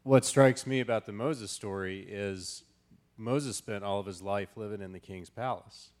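A man in a group discussion giving a measured, thoughtful comment. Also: lowish voice. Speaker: group member.

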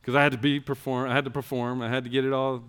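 A man's voice: medium pitch, level tone, quick pace, a bit bright, clear, resonant tone. A man giving a personal testimony sermon, telling his story in rambling, self-interrupting phrases and earnestly urging his listeners. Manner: earnest, exhorting the congregation. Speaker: church speaker.

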